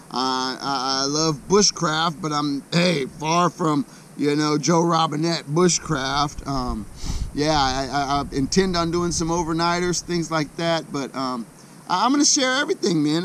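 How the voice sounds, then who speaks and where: A man chatting casually to camera outdoors by a lake, relaxed and rambling, with many restarts. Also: a little high, slight background noise. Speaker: outdoor vlogger.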